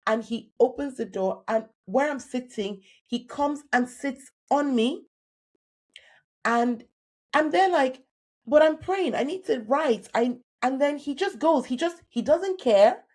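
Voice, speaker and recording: A Nigerian-born woman in her thirties, a career coach telling a personal story in a podcast interview, animated and acting out the voices she quotes. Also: high-pitched, slow.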